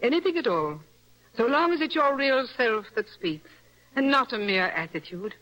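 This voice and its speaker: A composed, motherly young wife in a radio stage play. Her voice is bright and lively, with a wide pitch range. She speaks in a teasing, gently commanding way. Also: moderate pace, low-quality recording. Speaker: clergyman's wife.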